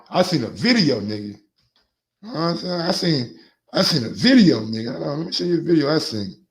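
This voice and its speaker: Excitable man hosting a call-in sports show. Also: fairly high pitch. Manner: loose, excitable, repeats words, laughs often. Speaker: host. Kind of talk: casual sports call-in talk.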